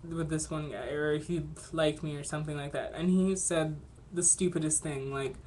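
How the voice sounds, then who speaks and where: Young woman vlogger, lowish voice, earnest and unscripted, thinks aloud with lots of "like", faint hiss behind. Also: steady tone, normal speed, a little mellow. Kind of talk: casual vlog monologue.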